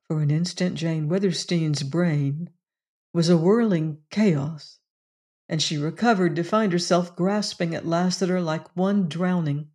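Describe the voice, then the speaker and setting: A narrator reads a classic novel aloud, slow and measured. The voice sits at a middle pitch. Each phrase is given room. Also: a little mellow. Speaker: audiobook narrator. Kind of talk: scripted narration.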